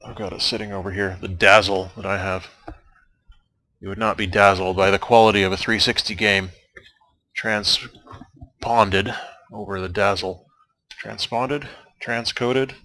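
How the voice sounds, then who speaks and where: A man's voice: deep voice, fairly even intonation, a little fast, pushed and bright. A young man casually rambling as a let's play commentator, making wry, dry jokes and wandering off on asides. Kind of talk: casual rambling commentary over game credits.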